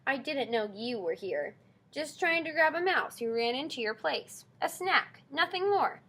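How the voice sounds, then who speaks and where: A woman's voice: sits high, lively intonation, unhurried, bright, forceful tone, voice pushed up, heavily acted. Woman doing a sniveling fox. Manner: sniveling, placating. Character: sniveling male fox, fawning. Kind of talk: audiobook reading.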